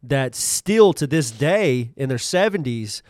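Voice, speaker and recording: A man's voice: mid-range voice, animated, takes it slowly, darkish tone, dry recording, studio quality. A man co-hosting a casual podcast, talking thoughtfully and often hedging or trailing off. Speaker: podcast co-host. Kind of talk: casual chat.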